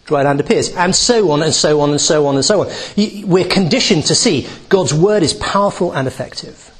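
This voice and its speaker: A man's voice: on the high side, fairly quick, husky. A man giving a Bible teaching talk, reading a passage and explaining it with many restarts and asides. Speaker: preacher.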